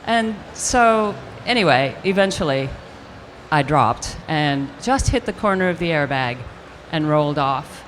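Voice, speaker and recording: An older woman, an actress, telling a lively anecdote in an interview, acting out the quotes as she goes. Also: low-pitched, a little slow, slight background noise. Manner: animated storyteller acting out quotes with restarts. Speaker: actress guest.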